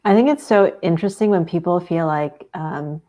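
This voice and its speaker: A woman speaking as a podcast guest, talking in a quick, amused, conversational way in casual interview chat. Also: lowish voice, mellow. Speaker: podcast guest, business coach.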